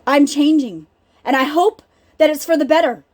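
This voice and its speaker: A woman's voice: sits high, normal speed, a little mellow. A middle-aged woman giving an earnest, emphatic personal faith talk, speaking straight to her listeners. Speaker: healing ministry speaker.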